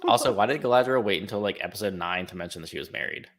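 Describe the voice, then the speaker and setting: A man's voice: fairly low pitch, rapid-fire, a bit bright. A man in casual chat, making wry, dry remarks.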